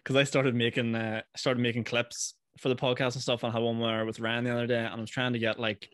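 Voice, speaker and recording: A man's voice: mid-range voice, flat delivery, a bit bright, dry recording, clean studio sound. A man with a Northern Irish accent hosting a podcast, asking questions casually and laughing often. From Northern Ireland. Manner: friendly, laughs often, quick backchannels. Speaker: podcast host. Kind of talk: casual interview.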